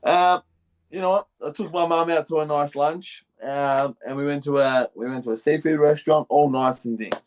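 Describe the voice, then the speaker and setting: A man's voice: fairly high pitch, fairly even intonation, moderate pace, muffled recording. An Australian man co-hosting a footy podcast, delivering a mocking, fired-up comic rant. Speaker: podcast co-host. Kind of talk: casual chat with a comic rant.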